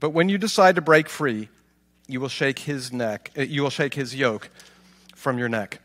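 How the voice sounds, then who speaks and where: A man voicing an aged father who speaks in a low, slow and subdued way. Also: a bit bright, in a large hall, lightly acted. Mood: grave. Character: aged father, weary and grave.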